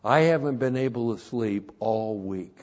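A man's voice: medium pitch, unhurried, a little mellow. A man preaching a sermon with Bible teaching, repeating phrases for emphasis and spelling out words letter by letter. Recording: dull lo-fi recording.

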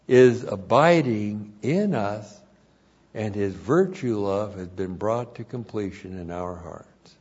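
A man's voice: fairly low pitch, lively intonation, takes it slowly, mellow, slightly rough, muffled recording. A man teaching verse by verse through a Bible epistle, explaining the Greek grammar and stressing key words by repeating them.

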